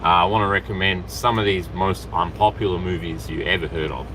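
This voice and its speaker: An Australian man chatting to camera outdoors in an excitable, rambling way, jumping between topics. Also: deep voice, fairly quick, low-quality recording. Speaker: vlogger. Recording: outdoor street noise, traffic behind.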